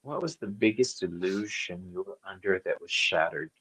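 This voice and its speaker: Deep husky man, blunt and wry. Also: normal speed, fairly bright tone, poor audio. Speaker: host, tarot reader. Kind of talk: casual live-stream interview. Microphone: live-stream mic.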